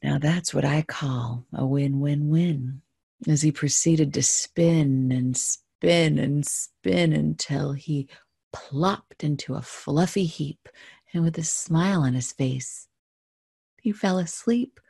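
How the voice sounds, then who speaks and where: A woman reading her own rhyming story aloud in a gentle, playful, musing way. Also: sits low, slow pace, vocal fry, slightly rough, dry recording, clean studio sound.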